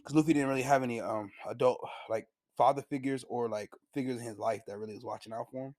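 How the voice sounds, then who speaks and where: Animated, slangy young man reviewing anime. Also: medium pitch, fast, no echo, studio quality. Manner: animated, slangy, profane retelling; laughs often. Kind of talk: casual review vlog.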